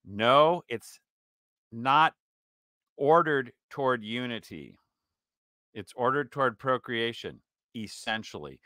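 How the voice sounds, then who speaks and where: Bright, crisp-voiced man arguing back. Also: mid-range voice, animated, no room sound, studio quality. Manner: argumentative, interjecting, pausing and rebutting. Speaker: commentator reacting to a clip. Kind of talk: casual commentary.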